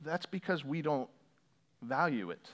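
A man delivering a sermon from a pulpit. His voice sits a little higher than most men's. He works through his points step by step, repeats his key lines, and pushes harder as he goes. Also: lively intonation. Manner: builds from measured to intense, repeats key phrases for emphasis. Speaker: pastor.

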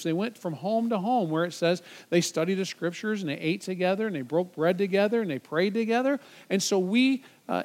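A man preaching a sermon to a church congregation, conversational and encouraging, with playful banter on stage. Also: high voice. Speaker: pastor.

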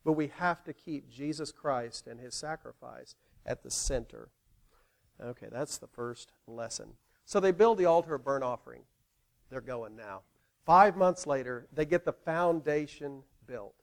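A male pastor preaching in an animated, conversational way, playfully involving the congregation. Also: medium pitch, unhurried, gravelly. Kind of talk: sermon.

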